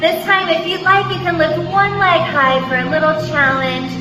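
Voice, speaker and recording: A woman guiding a playful yoga class for young children, giving gentle, sing-song instructions. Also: very high voice, fairly even intonation, moderate pace. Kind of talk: guided kids' yoga class. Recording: roomy echo with music behind. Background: background music.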